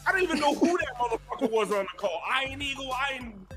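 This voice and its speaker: A man hosting a sports podcast, ranting loudly and mockingly, with lots of swearing and shouting. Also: very high voice, fast talker, music in the background. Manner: animated, profane, mocking, shouting. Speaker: podcast host. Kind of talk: loud ranting sports talk. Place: recorded with a group of co-hosts.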